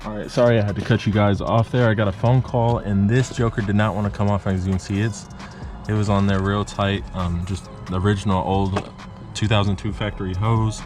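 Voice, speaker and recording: A low-voiced man narrates a hands-on engine repair in a casual, rambling way, breaking off mid-thought and talking straight to the camera. He sounds out of breath as he works. His voice comes through an action camera in a work area, with music playing clearly behind him. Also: little pitch movement, a little fast. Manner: rambling, self-interrupting, talks to the camera. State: out of breath, sick. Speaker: car repair vlogger. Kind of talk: casual how-to narration while working.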